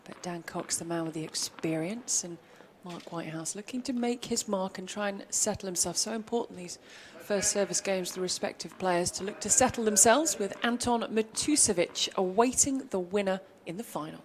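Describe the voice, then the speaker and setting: A woman's voice: medium pitch, normal speed, few pauses, slight background noise. A woman commentating on a tennis match, setting it up with facts and figures. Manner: informative, steady play-by-play with stats. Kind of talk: live sports commentary.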